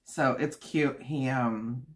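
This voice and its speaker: A woman's voice: rumbling low, fairly even intonation, takes it slowly. A woman hosting a casual home livestream, chatting to her viewers and laughing often while she makes treats in the kitchen. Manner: chatty and giggly, full of fillers and quoted asides. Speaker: livestream host.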